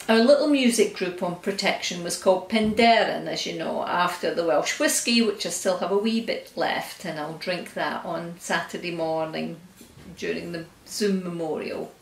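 An older woman recording a fond, gently humorous video tribute to a friend, often laughing. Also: fairly low pitch, vocal fry. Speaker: friend giving a memorial tribute. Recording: roomy, from a distance.

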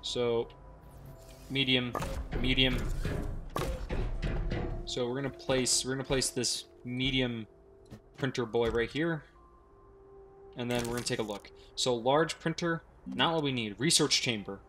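Excitable young man narrating gameplay. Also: medium pitch, measured pace, pauses often, faint music behind. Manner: excitable, swears, thinks aloud. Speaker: gaming streamer. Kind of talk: live gameplay commentary.

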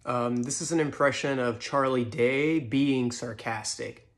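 A man presenting comedy impressions with short, deadpan introductions. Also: mid-range voice, a little slow.

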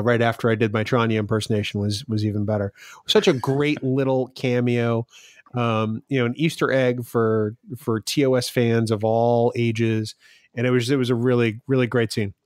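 A man's voice: medium pitch, no room sound, studio quality. A man co-hosting a casual podcast discussion, speaking in an earnest, analytical way. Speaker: podcast co-host.

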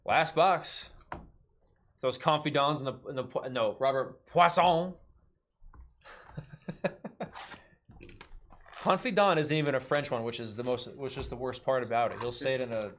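Guy hosting a card break, jokey, rattling off names, normal pitch, bit of faint noise. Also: steady tone, a little fast, fairly bright tone. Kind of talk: live card break commentary.

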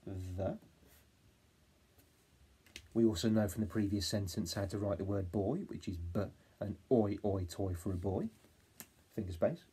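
A man with an English accent teaching a phonics lesson to young children, encouraging them and sounding out words slowly. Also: fairly low pitch, warm tone, husky. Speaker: reception class teacher.

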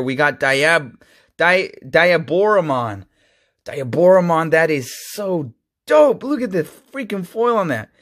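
An excitable man talks through a card-opening video in a fairly high voice that swings widely. He tumbles from mumbled asides into sudden happy shouts and keeps tripping over names. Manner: stumbles over names, many fillers. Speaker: YouTube host.

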